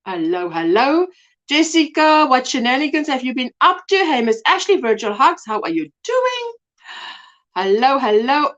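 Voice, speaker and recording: A woman's voice: sits high, a bit bright. An older woman from South Africa hosting a casual livestream, reading out viewer comments and calling people sweetheart and darling. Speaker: livestream host. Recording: dull lo-fi livestream audio.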